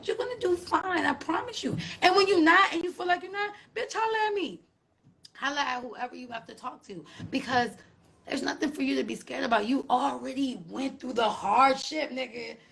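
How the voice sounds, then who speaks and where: A woman hosting a casual live-stream chat, talking in an emphatic, profane, reassuring way with big swings in pitch. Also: gravelly, a bit bright, husky. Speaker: host. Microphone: phone.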